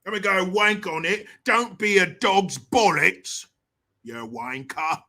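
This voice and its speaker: A man's voice: high-pitched, takes it slowly, bright, forceful tone, heavily acted. A man voicing a cheeky, crude British bloke in an exaggerated mock-Cockney put-on, full of slang.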